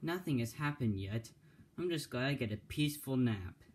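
A man voicing a brave young male engine who leads his team, shouting excited commands. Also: mid-range voice, moderate pace, breathy edge. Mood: relaxed.

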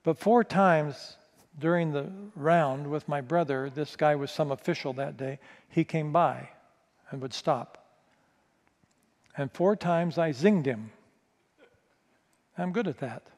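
A male pastor telling a candid, self-mocking story in a sermon, stumbling over quick restarts. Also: fairly high pitch, a little mellow. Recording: long reverb of a large hall.

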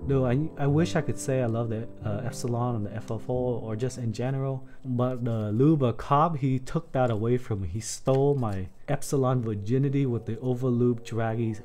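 A man's voice: medium pitch, normal speed, few pauses, darkish tone. Casual male streamer, rambling and profane, laughing often, music playing underneath. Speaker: keyboard-building streamer. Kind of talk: casual stream chat while building.

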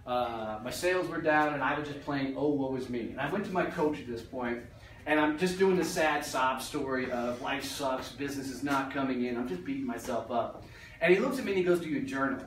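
Medium in pitch, expressive and fairly quick, a man delivers a motivational talk to a business audience, blunt and joking, with casual swearing. The meeting-room recording sounds distant, with a roomy echo.

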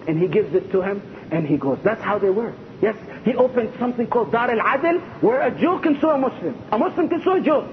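A high-voiced man preaches with fervor, throwing questions at his listeners. The recording is dull and lo-fi. A faint rumble runs underneath. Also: lively intonation, brisk. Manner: impassioned, asks the audience rhetorical questions. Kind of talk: sermon lecture.

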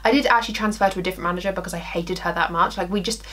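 A woman's voice: lowish voice, rapid-fire. A woman in her twenties, a beauty vlogger chatting through a story while doing her makeup. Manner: animated storytelling, acting out quotes, laughing.

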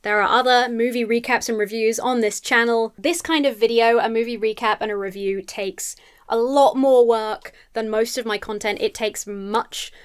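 Woman, slightly high voice, sarcastic, exasperated, swears a lot, scripted review commentary. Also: fairly even intonation, normal speed, clean tone. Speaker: YouTube film reviewer.

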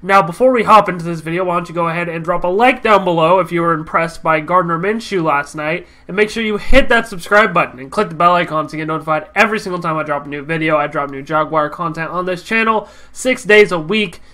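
A young man hosting a casual football recap, energetic and confident, his voice stuffy from a cold. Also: fairly high pitch, fast talker, few pauses. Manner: energetic, confident fan talk. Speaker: sports channel host.

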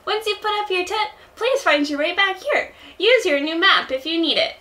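A woman voicing a smooth-talking male raccoon businessman with a put-on Southern accent, drawling like a salesman. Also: very high-pitched, animated, pushed and bright, voice pushed up, exaggerated voice. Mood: cheerful. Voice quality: slow, salesman-like drawl with "yes, yes".

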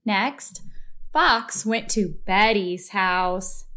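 A woman reading a children's picture book aloud with slow, clear storytelling. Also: mid-range voice, pushed and bright. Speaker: storybook reader.

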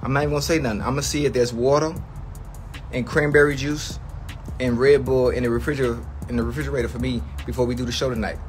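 A man's voice: medium pitch, steady tone, quick pace, soft background music. A man ranting to his livestream chat in a comedic, mock-outraged way, slangy and profane, repeating lines for effect.

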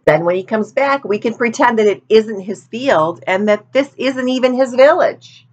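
This is a clever young boy , voiced by a woman reading a storybook aloud, eager and sure of himself as he lays out his plan. The voice sits higher and sings up and down. The recording sounds dull and lo-fi. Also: lively intonation, moderate pace.

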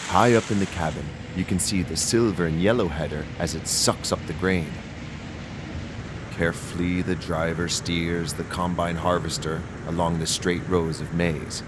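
Deep, slow kids' narrator. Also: male voice, background noise. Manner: slow, sing-song, pointing things out to kids. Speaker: children's show narrator. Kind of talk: scripted narration for children.

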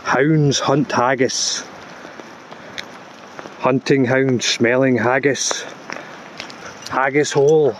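A man, a tour guide giving deadpan mock-documentary narration in short clipped phrases, out in a woodland. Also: medium pitch, very slow, pauses often. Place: woodland outdoors. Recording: outdoor noise behind the voice.

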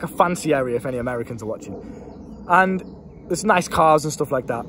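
A man's voice: on the high side, slight background noise. A young British man and life coach, talking casually to a handheld camera, swearing freely and rambling.

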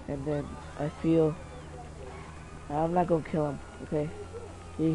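Young guy gaming commentary, excitable, slightly high voice, faint background noise. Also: unhurried, pauses often, low-quality recording. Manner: excitable, mild swearing, talks to himself. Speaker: gaming channel host. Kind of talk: live gameplay commentary.

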